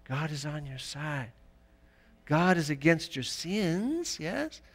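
Bright high-voiced preaching man. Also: very animated, slow pace. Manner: emphatic preaching, rising to loud peaks. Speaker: pastor. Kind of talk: sermon. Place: church.

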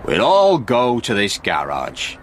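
A man voicing a calm, firm police sergeant who questions everyone. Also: fairly low pitch, takes it slowly, slight background noise, full character voice.

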